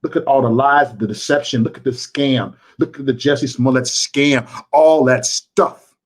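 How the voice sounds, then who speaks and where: A man's voice: medium pitch, steady tone, moderate pace. A man ranting to his livestream chat, impassioned and repeating himself for emphasis. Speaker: YouTube livestreamer.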